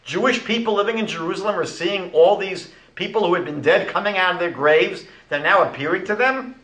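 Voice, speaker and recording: A man giving a lecture as a rabbi, animated and rhetorical, retelling conversations. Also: sits high, a little fast, reverberant, low-quality recording.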